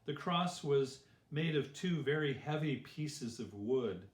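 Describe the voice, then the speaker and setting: A man slowly and gently reading a Bible story for children. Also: mid-range voice, expressive. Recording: roomy echo.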